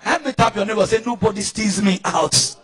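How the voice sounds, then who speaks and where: A Nigerian pastor preaching a fervent sermon, often shouting and calling on the congregation to answer back. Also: male voice, high-pitched, a little fast, faint music behind, some chatter behind.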